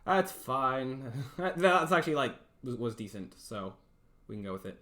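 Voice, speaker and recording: A man's voice: medium pitch, very animated, moderate pace, pushed and bright. A young man chatting casually on a livestream, rambling, self-deprecating and laughing often.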